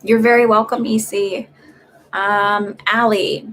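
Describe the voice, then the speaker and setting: A woman's voice: medium pitch, little pitch movement, slow pace, fairly bright tone, a little hiss or hum. A woman giving live psychic readings on a stream, talking in a rambling, chatty way with lots of fillers and restarts. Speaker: psychic medium doing paid readings.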